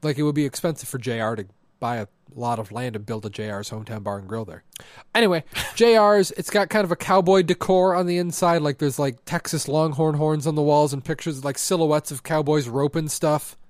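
Male podcast co-host, deadpan, slightly high voice, dry studio mic. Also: fairly quick, no room sound. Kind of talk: casual chat. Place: lives in Michigan.

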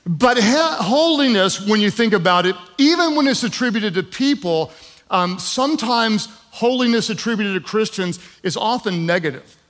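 A pastor preaching a sermon, conversational with "um" fillers, stressing points by repetition and dropping in humorous asides. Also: male voice, high-pitched, lively intonation, normal speed, fairly bright tone.

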